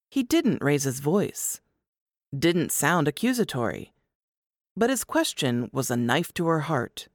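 Woman, audiobook narrator, low voice, lively intonation, slow, dry. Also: no echo. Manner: measured, expressive storytelling.

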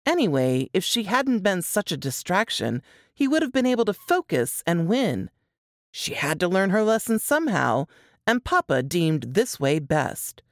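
A woman author reading her own dark fiction aloud in an expressive, measured way, on a close mic. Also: lowish voice, dry recording.

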